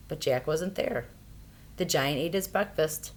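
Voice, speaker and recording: A woman reading a fairy tale aloud for children, expressive and playful. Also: sits low, a little slow. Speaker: storyteller. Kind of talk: children's storybook read-aloud.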